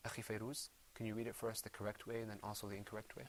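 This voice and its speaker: A man teaching Quran recitation, patiently encouraging his students and trailing off softly after each bit of praise. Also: on the low side, flat delivery, very fast. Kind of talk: gentle classroom instruction.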